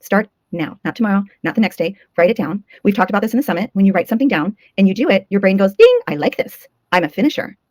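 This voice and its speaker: In a dry recording, a mid-range female voice delivers a motivational talk. She's the co-host and organizer of a fitness summit, urging viewers on with emphatic, emotional encouragement.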